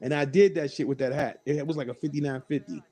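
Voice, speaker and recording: A host tells stories during a casual chat, swearing a lot and acting out the quotes. His medium-pitched voice is mellow and he talks fast.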